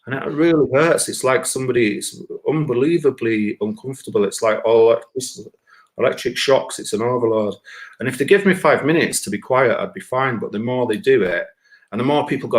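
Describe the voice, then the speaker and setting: A man's voice: medium pitch, a little fast. A man, a musician and comedian, talking bluntly and with a lot of swearing on a live stream, acting out the voices in his stories. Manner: blunt, sweary, animated storytelling with acted-out voices. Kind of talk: casual chat on a live stream.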